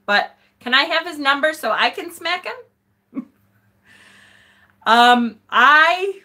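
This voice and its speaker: Bright-voiced, blunt, swearing woman host. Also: sits high. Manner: blunt and profane, laughs and sighs often. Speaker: tarot channel host. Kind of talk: casual live-stream chat reading viewer comments.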